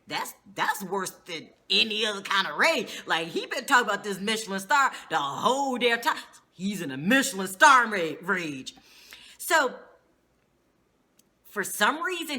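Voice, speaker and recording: A woman's voice: mid-range voice, bright, forceful tone. A woman giving a casual, gossipy recap of a reality show, swearing freely as she goes.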